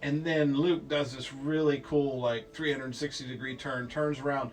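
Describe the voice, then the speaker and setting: A man's voice: fairly high pitch, a little slow, hardly any pauses. A man telling a child an improvised bedtime story, playful and rambling, with silly sound effects. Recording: distant mic with faint music.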